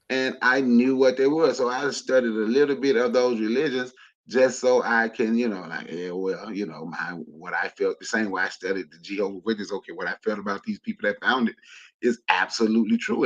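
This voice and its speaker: Man, animated caller telling a story, average pitch, muffled line. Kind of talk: casual storytelling on a call-in stream. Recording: slightly dull lo-fi line.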